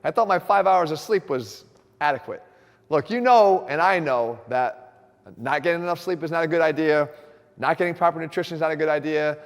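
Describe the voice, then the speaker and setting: Fitness host, earnest man, slightly high voice, reverberant space. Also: brisk. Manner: earnest, direct, addresses viewers. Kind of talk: instructional fitness talk.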